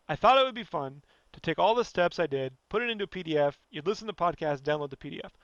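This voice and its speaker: A man with a high, bright voice rants bluntly on his own podcast, swearing freely and circling back with "you know" again and again. The sound is dry and dull, like a lo-fi home recording. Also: clear, resonant tone, dry recording. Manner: blunt, profane, rambling, fillers like "you know". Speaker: podcast host. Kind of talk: casual podcast rant.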